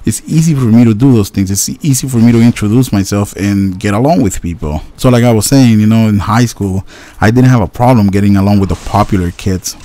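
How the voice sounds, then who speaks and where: A man's voice: lowish voice, dark tone. A young man rambling to his viewers in a casual, filler-heavy rant about fitting in. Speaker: gaming YouTuber. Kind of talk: unscripted rant to camera.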